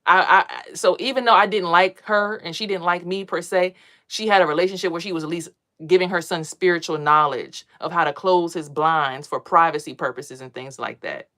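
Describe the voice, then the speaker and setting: A woman's voice: on the low side, fairly quick, a bit bright. A woman and mother talking to camera in a rambling, profane, streetwise way about meditation and energy. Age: adult parent. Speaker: spiritual vlogger. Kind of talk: casual spiritual monologue.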